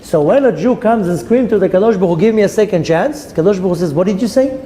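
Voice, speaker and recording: A man's voice: high voice, expressive, fast, mellow. A man who is a rabbi, teaching a Torah class by telling a story with dramatic voices for the people in it and Hebrew terms mixed in. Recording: long reverb with faint ambient noise.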